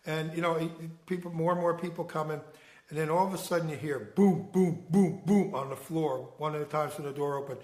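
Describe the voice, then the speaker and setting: An older American man telling a memory in casual conversation, rambling and animated with frequent laughs. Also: fairly high pitch, a little fast, roomy sound. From United States.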